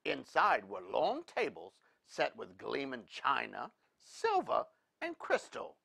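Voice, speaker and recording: Gravelly slow-reading male storyteller. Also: mid-range voice, no echo, clean studio sound. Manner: animated, expressive reading.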